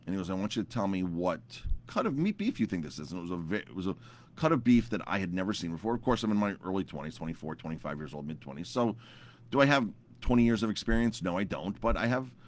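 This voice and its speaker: A man's voice: low voice, sing-song, quick pace. A man in his thirties, a chef, telling a story to camera in a casual, rambling way with lots of repeated words and fillers.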